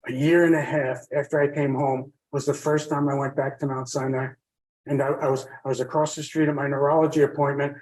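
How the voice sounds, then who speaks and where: A man's voice: mid-range voice, little pitch movement, a little fast, darkish tone, poor audio. A man telling his own story on a podcast as a guest, rambling and heartfelt, with many fillers and restarts.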